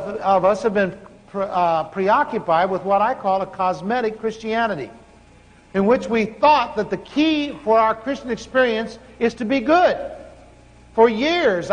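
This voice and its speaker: A man preaching a sermon, telling a personal story and acting out his conversation with God in an animated way. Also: high voice. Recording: long hall reverb.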